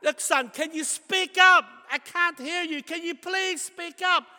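Guy doing a squeaky deaf old auntie yelling huh, big echoey church reverb. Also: measured pace, full character voice. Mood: confused shouting. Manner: loud, shouting, mishearing. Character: deaf elderly aunt, confused and shouting.

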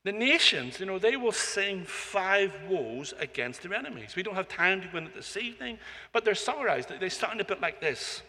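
A man preaching a sermon in a relaxed, conversational way, with frequent "you know"s and repeated phrases. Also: high-pitched, moderate pace. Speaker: pastor. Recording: long hall reverb.

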